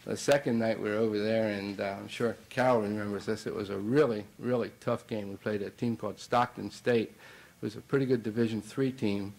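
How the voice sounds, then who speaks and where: A man's voice: on the low side, steady tone, a little fast, creaky, few pauses, a little mellow, low-quality recording. A middle-aged man, a basketball coach, telling a long anecdote in a banquet speech, with many fillers and restarts. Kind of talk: anecdotal after-dinner speech.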